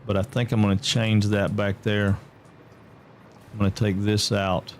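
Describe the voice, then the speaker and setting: A man's voice: on the low side, little pitch movement, measured pace, a little hiss or hum. A man giving casual gameplay commentary, muttering and thinking aloud as he builds. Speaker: streamer.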